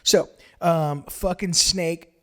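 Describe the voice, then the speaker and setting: A man hosting a podcast, telling a story in a casual chat, animated and swearing constantly as he acts it out. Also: on the high side, slow. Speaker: podcast host.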